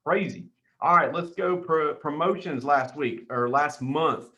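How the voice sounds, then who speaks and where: A man leads a team's weekly sales call, running through leaderboards and paychecks with pumped-up energy. His voice sits a touch high, and he keeps throwing in "dude" and "brother" as he cheers people on. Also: pushed and bright, dull audio. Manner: hyped, calls everyone dude and brother, quick asides. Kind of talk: excited leaderboard shout-outs on a call.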